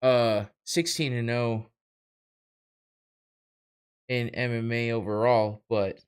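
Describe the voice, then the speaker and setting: Taking it slowly, a young podcast host speaks at medium pitch with little pitch movement and a clear, resonant tone. Alone on his show, he gives casual watch-party commentary over a live fight. His talk rambles, swears, and mocks himself, with lots of laughing.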